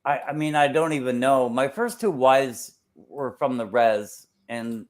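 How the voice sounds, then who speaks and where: A man's voice: medium pitch, unhurried. A man hosting a casual chat, rambling and searching aloud for words.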